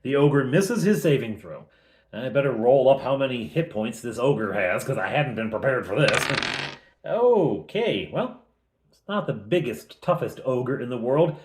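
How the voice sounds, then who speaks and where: Middle aged guy recapping his tabletop game, lively voice, chuckles a lot, echoey room. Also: medium pitch, unhurried. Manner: animated storytelling with chuckles. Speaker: game master. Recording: roomy echo.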